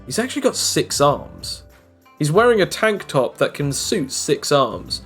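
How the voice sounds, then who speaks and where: A man narrating as game master of a tabletop game, talking quickly and often repeating words as he goes. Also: fairly high pitch, very animated, fairly bright tone, husky, soft background music.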